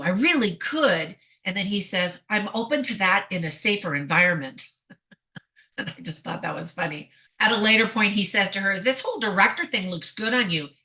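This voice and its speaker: A woman's voice: mid-range voice, bright, forceful tone. A woman reviewing a movie in a chatty way, laughing often and quoting dialogue with relish. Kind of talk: casual spoken review.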